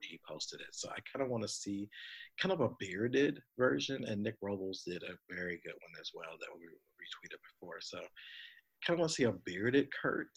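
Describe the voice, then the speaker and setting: Husky-voiced man in casual chat. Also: lowish voice, moderate pace. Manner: animated, rambling with fillers. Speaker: podcast co-host.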